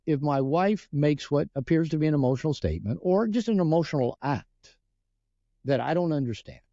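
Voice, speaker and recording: A man's voice: fairly high pitch, lively intonation, brisk, mellow, no room sound, lo-fi sound. A man guest on a podcast, earnestly explaining ideas through personal stories, often restarting sentences and acting out quoted dialogue. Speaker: podcast guest, relationship author. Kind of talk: podcast interview storytelling.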